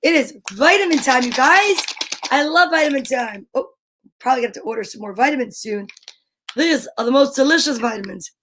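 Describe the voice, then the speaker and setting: A middle-aged woman with a New Jersey accent, hosting a cheerful kids' show. Her voice sits high and bright, and she chats playfully with a sing-song lift in her greetings. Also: animated, fairly quick, background noise. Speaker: children's show host. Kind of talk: cheerful live-stream chat for kids.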